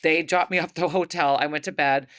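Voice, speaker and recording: A woman hosting a podcast, telling an animated story full of acted-out quotes and frequent laughter. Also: deep voice, fairly quick. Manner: acts out quoted voices, laughs often. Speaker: podcast host.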